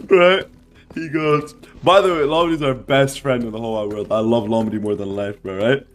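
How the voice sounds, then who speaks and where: A man casually telling a wild story to friends on a livestream, animated and swearing, throwing in "bro" and "right" all the time. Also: mid-range voice, moderate pace, soft background music.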